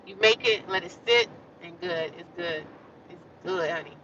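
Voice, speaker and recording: A woman's voice: on the low side, moderate pace, noisy background. A woman chatting casually with viewers on a livestream, rambling and repeating herself. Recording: distant, slightly dull phone audio.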